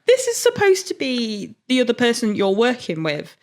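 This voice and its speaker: Woman with a lively, bouncing voice. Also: a little high, normal speed. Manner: reads passages aloud, breaks into laughter. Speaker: podcast co-host. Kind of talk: casual book chat.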